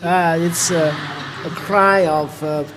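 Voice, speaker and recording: A man preaching a live church sermon, halting with many fillers and restarts. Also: a little high, fairly even intonation, background noise.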